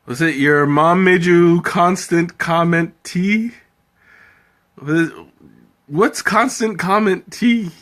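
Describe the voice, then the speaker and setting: A man hosts a casual live tea tasting and reads out viewer comments. His voice sits somewhat high for a man. He is chatty, laughs easily, and often restarts sentences as he thinks aloud. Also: slow pace, fairly bright tone.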